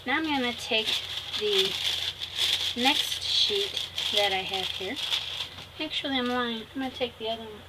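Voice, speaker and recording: A woman's voice: fairly high pitch, a little slow, pauses often. A woman chatting casually through a craft tutorial, talking fondly to her viewers and laughing at herself. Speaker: craft vlogger. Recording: noticeable background noise.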